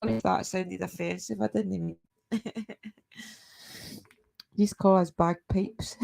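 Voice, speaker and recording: A woman's voice: mid-range voice, fairly even intonation, slow, creaky, pauses often, darkish tone. A Scottish woman hosting a paranormal live stream from home at night, chatting casually with her viewers, laughing often and greeting them by name.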